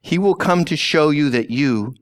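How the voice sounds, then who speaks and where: A man preaching a sermon slowly and deliberately, with long pauses and sudden drops to a hush. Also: on the high side, animated. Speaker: pastor.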